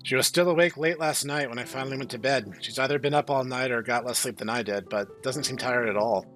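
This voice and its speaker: Let's-play host, male, mid pitch, measured narration, faint music underneath. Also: a bit bright. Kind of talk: reading a visual novel aloud.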